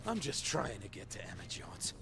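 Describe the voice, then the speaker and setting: A man's voice: fairly low pitch, huge pitch swings, normal speed, creaky, sharp tone, breathy edge, exaggerated voice. An actor voicing a male firefighter hero in a video game, speaking dry, matter-of-fact quips. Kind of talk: video game character dialogue.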